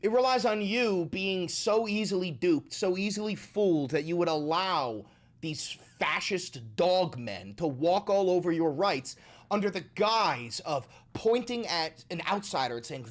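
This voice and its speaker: A man's voice: a little high, expressive, normal speed. A man in his thirties hosting a reaction stream, talking in a profane, emphatic, ranting way. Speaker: political commentary streamer.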